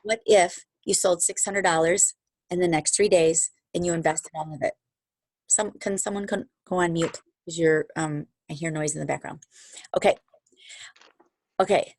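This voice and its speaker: Upbeat middle-aged woman, low voice, dry video-call sound, pep-talking her sales team. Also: fairly even intonation, normal speed, darkish tone, no room sound. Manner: upbeat, encouraging, chatty with asides.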